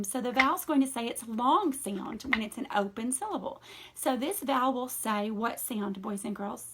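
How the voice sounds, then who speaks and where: A woman teaching a phonics lesson to young children in a slow, encouraging, sing-song teacher voice. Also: high-pitched, expressive, slight background noise. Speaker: reading teacher.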